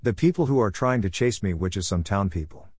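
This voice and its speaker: A man's voice: lowish voice, expressive, a little mellow, breathy edge, no echo, studio quality. A man voicing an eager, slightly nervous young male cat in a read-aloud story. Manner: eager, quick replies.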